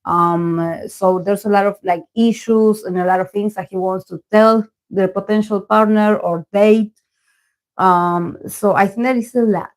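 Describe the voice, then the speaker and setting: A woman's voice: medium pitch, fairly even intonation, measured pace, poor audio. A woman who is a native Spanish speaker, reading tarot on a live stream in casual, rambling talk full of fillers and restarts. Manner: rambling, many fillers and self-corrections. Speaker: tarot reader.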